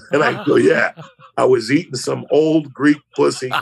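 A man with a rough, gravelly voice and a breathy, husky edge tells a long, crude story as a podcast guest. He rambles and swears, and he slips into quick impressions of the people in it. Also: medium pitch, fairly even intonation. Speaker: comedian guest telling a story.

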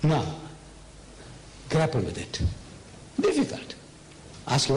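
Pitch swooping wildly, an older South African man lectures emphatically in public on religion at a moderate pace with long pauses. He leans on rhetorical questions and at times drops to a low murmur, captured in poor audio.

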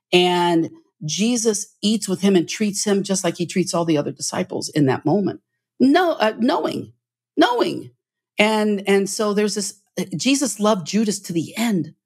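On a podcast, a husky-voiced man appears as a guest who writes for the church, sounding earnest and preachy. He keeps restarting phrases, and his pitch rises whenever a point stirs him, giving his interview answers a heartfelt, insistent quality.

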